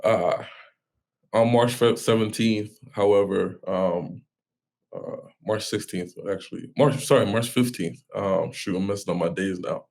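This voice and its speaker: A man in his thirties with a low, gravelly voice that sits on a husky fry. He talks in a halting, reflective way as an interview guest, restarting sentences and correcting himself as he goes. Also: a little mellow. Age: 30s.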